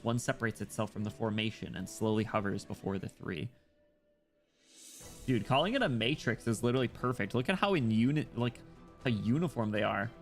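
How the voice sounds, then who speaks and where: Excitable man streaming a story game. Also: fairly low pitch. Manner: excitable, swearing, jokey reactions. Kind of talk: casual game stream, reading the story aloud.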